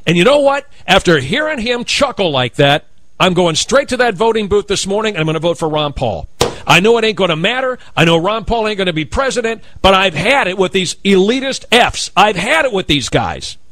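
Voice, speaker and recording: A man hosting a talk radio show, ranting in a heated, combative way with sudden loud outbursts. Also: sits high, big pitch swings, fairly quick, no room sound. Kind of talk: opinionated talk radio rant.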